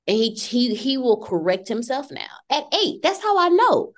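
A woman's voice: normal speed, hardly any pauses. A middle-aged woman hosting a casual podcast chat, telling stories and acting out quoted lines. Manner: animated storyteller, acts out quotes in shifting pitch.

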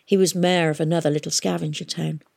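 A woman reading a novel aloud, voicing a blunt, hard-bitten young woman who speaks curtly and flatly. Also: sits low, fast, creaky, no room sound, clean studio sound. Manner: curt and flat.

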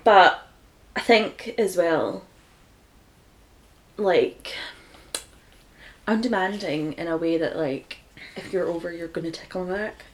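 A woman's voice: lowish voice, slow, pauses often, a little hiss or hum. A young Scottish woman in casual podcast chat, sweary and laughing often. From Scotland. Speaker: podcast co-host.

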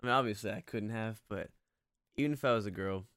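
A man's voice: fairly low pitch, fast, a bit bright, clear, resonant tone. A man chatting casually while watching a movie, easygoing and laughing often.

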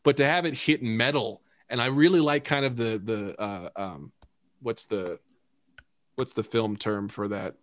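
A man in casual, animated conversation about a TV episode, swearing freely and laughing often. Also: fairly low pitch, measured pace, dry recording.

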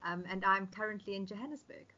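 A woman in her fifties with a South African accent, speaking as a podcast guest in a thoughtful way, pausing with ums and restarting phrases. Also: medium pitch, bright, forceful tone, dull audio. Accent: South African English. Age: 50s. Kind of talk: conversational interview.

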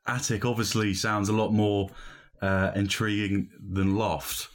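A man's voice: fairly low pitch, level tone, measured pace. A man from northern England, with only a faint accent left, hosting the interview in a friendly, eager way. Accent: light northern English. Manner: friendly, eager, laughs easily. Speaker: interview host. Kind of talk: casual conversational interview.

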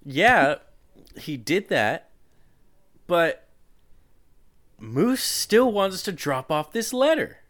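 A man co-hosting a casual movie review chat, relaxed and wryly teasing. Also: a little high, drawn-out words, pauses often. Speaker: podcast co-host.

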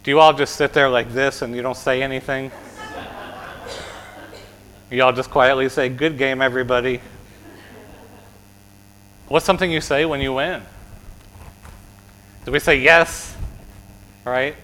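An American-accented pastor delivers a children's sermon in a church sanctuary, chatting with the kids, quizzing them, and ending points with "right?" His medium-pitched voice is steady and a bit bright, at normal speed with frequent pauses, on a rough recording.

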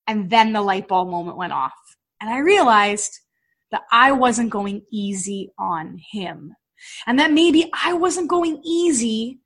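Woman, podcast host, personal storytelling, animated, husky, slightly high voice. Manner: animated, acts out quoted dialogue. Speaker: podcast host and health and fitness coach.

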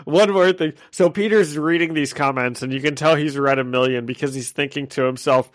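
A chatty man on a podcast who jumps in eagerly and laughs often. His voice sits a little high for a man. The recording is dry, with no echo. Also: fairly quick. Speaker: podcast co-host. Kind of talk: casual chat.

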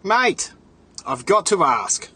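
Man doing a bright, high Australian fan voice, bouncy pitch, brash and loud, put-on accent. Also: big pitch swings, takes it slowly, breathy edge, no room sound, full character voice. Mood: hearty.

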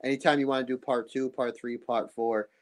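A man's voice: medium pitch, steady tone, fairly quick, a little hiss or hum. A man chatting as a guest on a podcast, friendly and calling the host brother. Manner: friendly, keeps saying brother. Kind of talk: casual podcast chat.

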